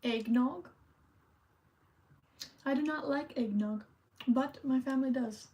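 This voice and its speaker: A young woman chats casually on a stream as she decorates holiday cards. Her voice sits a little high, and she rambles and thinks aloud while she colors at her desk. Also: takes it slowly, a little mellow, highs cut off. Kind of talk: casual chat while crafting.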